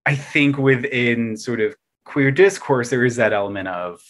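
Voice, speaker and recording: A man chatting casually as a podcast guest, animated and profane, full of fillers and restarts, jumping between loud emphatic bursts and quiet mocking asides. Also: mid-range voice, normal speed.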